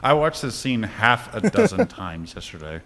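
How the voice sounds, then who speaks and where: A man co-hosting a casual film chat, retelling scenes in an animated way with chuckles and fillers. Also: on the low side, normal speed. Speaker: podcast co-host reviewing a film.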